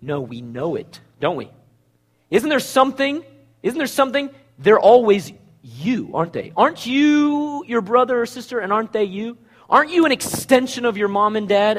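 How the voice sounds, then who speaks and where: A man preaching a sermon, asking the congregation rhetorical questions and swinging from loud emphasis to hushed words. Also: high voice, big pitch swings, fairly quick.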